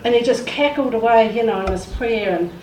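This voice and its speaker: A woman's voice: fairly high pitch, fairly quick, a little mellow. Woman, church testimony, emotional storytelling, roomy echo, distant mic. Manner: emotional storytelling, acts out quoted voices. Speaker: church speaker sharing a testimony. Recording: echoey room, far from the mic, faint noise.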